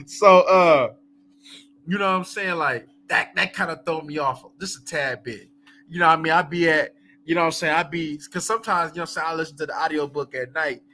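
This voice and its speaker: A man's voice: fairly high pitch, pushed and bright, slight background noise. A man hosting a casual live book chat, talking loosely with many fillers and asides and laughing often between thoughts.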